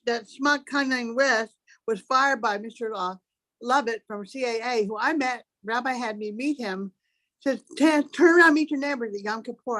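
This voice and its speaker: A woman's voice: on the high side, fairly bright tone, rough recording. Chatty woman asking for prayers. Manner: chatty, eager, rambling requests. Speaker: class participant. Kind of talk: casual chat.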